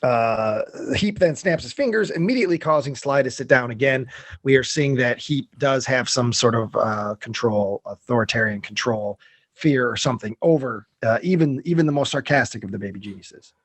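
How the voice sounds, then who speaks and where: A man's voice: mid-range voice, expressive, normal speed, no echo. A man co-hosting a podcast, recapping a film scene by scene in loose chat, with lots of fillers and swearing. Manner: swearing, rambling with many fillers.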